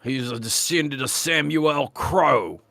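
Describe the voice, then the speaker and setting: A man's voice: mid-range voice, slow pace, creaky, pushed and bright, no room sound, studio quality, full character voice. A man voicing a pompous, bossy male orc inspector, drawling each word. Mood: officious.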